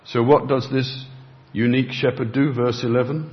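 A man's voice: medium pitch, moderate pace, dull audio. A man preaching a sermon, expounding scripture earnestly and rising in emphasis at key points.

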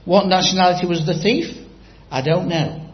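A man's voice: high voice, normal speed, echoey room, lo-fi sound. A man preaching a sermon, telling a story and quizzing the congregation directly.

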